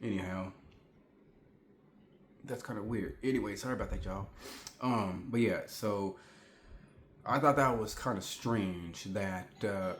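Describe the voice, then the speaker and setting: A man's voice: fairly low pitch, a little slow, long pauses, fairly bright tone, a little hiss or hum. A man in his forties telling a story to the camera at home in a chatty way, repeating himself and talking straight to the viewers. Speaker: vlogger. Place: indoors at home. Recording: echoey room.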